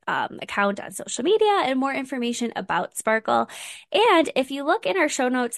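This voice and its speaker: A woman's voice: fairly high pitch, no room sound. A woman hosting a faith podcast, a mom talking in an earnest, heartfelt way, close to the mic. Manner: earnest and heartfelt, getting emotional. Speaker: podcast host. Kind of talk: casual faith podcast talk.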